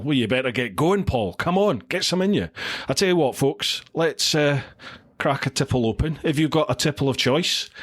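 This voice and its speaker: Through a studio mic feeding a recorder, a middle-aged man hosts a casual livestream, greeting viewers by name and reading out their comments. His voice is medium in pitch with a fairly bright tone.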